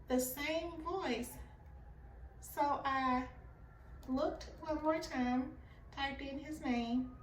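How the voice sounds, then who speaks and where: A woman's voice: high-pitched, far from the mic, a little hiss or hum. A woman telling a personal story in a casual, earnest and confessional way, acting out the dialogue as she goes. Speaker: vlogger sharing a personal story. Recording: roomy, off-mic recording with faint ambience.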